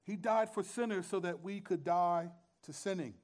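A man's voice: sits high, moderate pace, darkish tone. A man preaching a sermon as pastor, conversational and streetwise, with humor and rhetorical questions.

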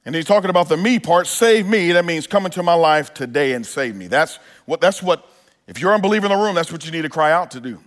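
A man's voice: a little high, animated, quick pace. A male pastor preaching a sermon in an earnest style, building to emphatic peaks and often restarting his phrases.

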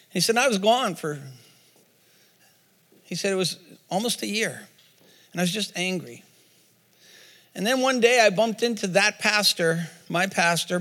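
A man's voice: sits high, sharp tone, long reverb tail. A man preaching a sermon as pastor, telling a story with quoted voices and repeated words, then leading a prayer.

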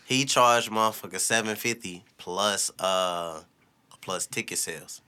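A man who runs a media company, talking in loose, profane casual chat, loud one moment and low the next. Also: unhurried, smooth. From St. Louis. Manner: loose, profane, swings from shouting to low asides. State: drunk.

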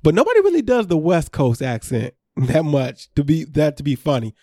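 A man on a podcast recaps a reality show in easy, casual chat, laughing often as he goes. His voice sits a touch high and warm, and the sound is close and dry. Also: big pitch swings, fairly quick, dry recording. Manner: laughs often, loose and conversational.

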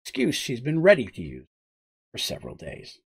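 A man's voice: medium pitch, huge pitch swings, moderate pace, husky. A man narrating a tabletop role-playing game as game master, in a loose, rambling way with frequent asides.

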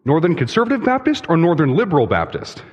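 A man's voice: on the high side, huge pitch swings, quick pace, breathy edge, pitched above the performer's own voice, full character voice. A young man voicing an eager, zealous older man in a told joke, keen and insistent, speaking in a church hall with a long reverb.

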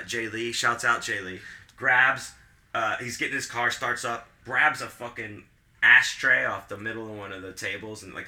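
Bright-voiced profane storyteller man. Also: on the low side. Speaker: podcast host. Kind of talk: casual storytelling chat.

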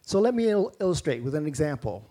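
Canadian preacher with a mellow voice. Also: male voice, a little high, very animated, fast. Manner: conversational, rhetorical questions, mock-incredulous asides. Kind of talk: sermon.

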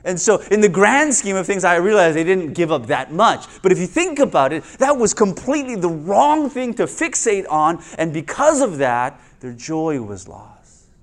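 A male pastor giving a conversational sermon, often checking in with the listeners with "right?" and swinging between louder and quieter delivery. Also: sits high.

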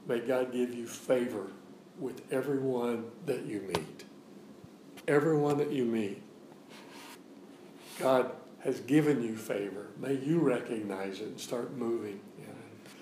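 A man's voice: mid-range voice, a little slow, darkish tone, reverberant, a little hiss or hum, rough recording. A man giving a sermon as a guest preacher in a church, preaching in a conversational way and repeating phrases for emphasis. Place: church sanctuary.

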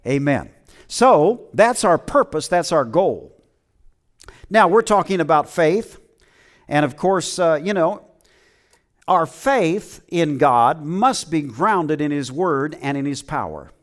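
A man's voice: on the high side, lively intonation, takes it slowly. Middle-aged male pastor preaching with amens. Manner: preacherly, calls for amens, many fillers. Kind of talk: sermon.

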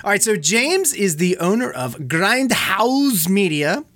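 A man's voice: high voice, huge pitch swings, normal speed, a bit bright. A man hosting a casual podcast, chatty, laughing often and restarting his sentences. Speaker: podcast host.

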